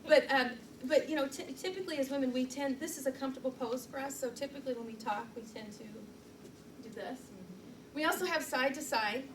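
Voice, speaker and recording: A middle-aged woman leads a live training session in a chatty, self-deprecating way, her voice sitting a little high. She is picked up from a distance in an echoing meeting room, with noise underneath. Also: a little fast. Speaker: public speaking trainer. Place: meeting room, recorded from the back. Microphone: far camera mic. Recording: roomy, distant and noisy room recording.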